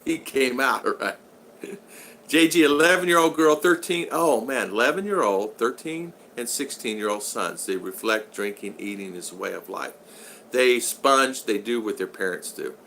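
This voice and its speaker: Bright-voiced older man chatting. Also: medium pitch, lively intonation, normal speed, a little hiss or hum. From United States. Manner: rambling anecdotal storyteller with frequent restarts. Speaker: vlogger reading live chat. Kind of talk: casual livestream chat.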